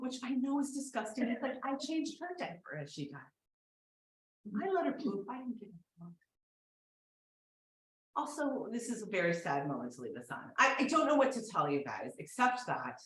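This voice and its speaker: A woman performing a profane, confessional comedic story on a theater stage, swinging between loud bursts and hushed asides. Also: fairly high pitch, roomy sound, poor audio. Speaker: solo performer.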